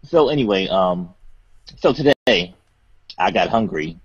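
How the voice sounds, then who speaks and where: A man's voice: low-pitched, animated, a little slow, husky, no echo. A young man co-hosting a podcast, telling a rambling casual story and filling every phrase with "like". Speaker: podcast co-host. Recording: dull dry mic sound.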